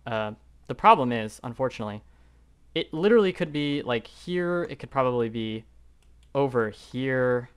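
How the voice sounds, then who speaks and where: A young man talks through a geography guessing game at his desk mic, his voice sitting at an ordinary middle pitch. He rambles and second-guesses himself, trailing into fillers as he thinks aloud. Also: lively intonation, moderate pace, clean tone. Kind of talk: live gameplay commentary.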